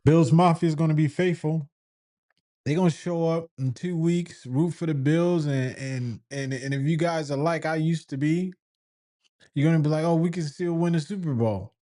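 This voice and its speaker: A man's voice: a little high, fairly even intonation, moderate pace, warm tone. A man commentating as a football fan, ranting in exasperation, firing off rhetorical questions and repeating himself. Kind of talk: sports opinion rant.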